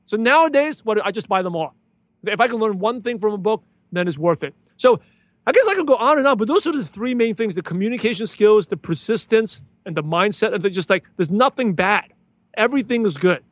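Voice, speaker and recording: A man as a guest in a casual interview, talking enthusiastically and acting out greetings with animated emphasis. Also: high-pitched, fast talker, dry recording. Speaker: podcast guest, podcaster.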